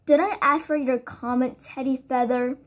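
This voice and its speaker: A woman reading an audiobook, voicing a stern, brisk older orphanage matron who gives curt, clipped commands. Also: high voice, fairly even intonation, close to an everyday voice. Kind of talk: audiobook character voice.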